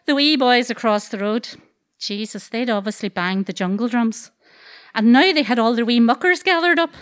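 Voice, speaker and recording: A woman with a Northern Irish accent tells a true story live on stage, wry and earthy with comic asides. Her voice sits fairly high, and she swears freely without any fuss. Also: a bit bright.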